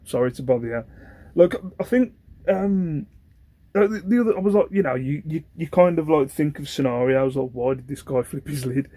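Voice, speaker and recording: A man's voice: on the high side, moderate pace, dry recording. Rambling British man telling a story. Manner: animated, rambling, often asks "you know what I mean". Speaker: host, online reseller. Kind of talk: casual storytelling chat.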